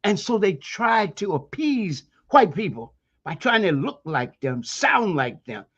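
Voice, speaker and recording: With a high, husky, slightly bright voice and big pitch swings, a man from Maryland's Eastern Shore talks a little slowly, heard through dull audio. He's a university lecturer with an African American Vernacular accent, impassioned and preacherly in his interview, leaning on rhetorical questions.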